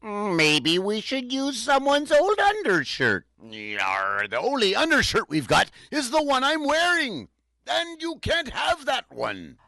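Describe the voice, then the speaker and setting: A man's voice: very high voice, huge pitch swings, measured pace, vocal fry, pushed and bright, no echo. A man playing a grumpy pirate in a comedy skit, growling his lines.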